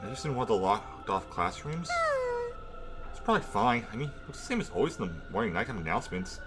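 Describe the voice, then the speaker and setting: Casting note: quick lowish male reader, animated, music underneath. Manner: brisk, wry reading with joking asides. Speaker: game playthrough reader. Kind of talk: reading game dialogue aloud. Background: game music.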